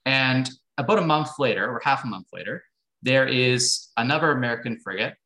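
A man's voice: medium pitch, animated, brisk, pushed and bright, low-quality recording. A man, a guest historian and author, explaining history conversationally with many fillers and restarts.

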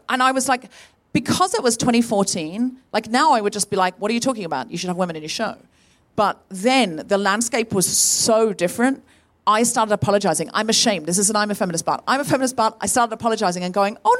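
A woman hosting a live comedy podcast on stage, telling a story with lively energy and acting out the people she quotes. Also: mid-range voice. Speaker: podcast host. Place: on stage in a tent before a live audience.

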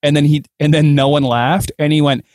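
Podcast host, male, lively anecdote teller, a touch higher than average, close dry mic. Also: fairly quick, dry recording. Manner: animated storyteller, mimics voices in anecdotes. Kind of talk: casual chat.

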